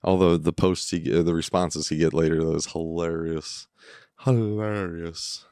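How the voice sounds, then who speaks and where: A man's voice: extremely low pitch, little pitch movement, moderate pace, dark tone, dry recording, clean studio sound. A man hosting a podcast, reacting casually to a TV episode, rambling and jokey, often mimicking the characters. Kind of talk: casual watch-along commentary. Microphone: headphones on, close mic.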